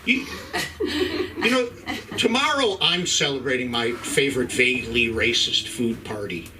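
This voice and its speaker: A man's voice: medium pitch, animated, moderate pace, distant mic, noisy background. A middle-aged man from Ireland doing a profane stand-up set in a comedy club, working the crowd with stammering restarts.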